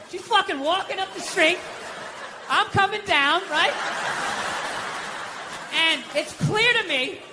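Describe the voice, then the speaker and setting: A man's voice: very high voice, bright, forceful tone, long reverb tail, slight background noise. A man doing a stand-up routine, ranting bluntly and profanely with mock outrage, on stage before a live audience. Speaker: stand-up comedian.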